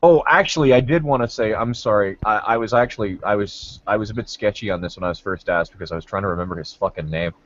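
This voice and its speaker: A low-voiced man hosting a casual debate hangout, full of crude jokes and rambling asides. The sound is dry and dull, like lo-fi call audio. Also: fast talker, hardly any pauses, no echo. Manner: crude joking banter, rambling. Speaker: hangout host. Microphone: video call.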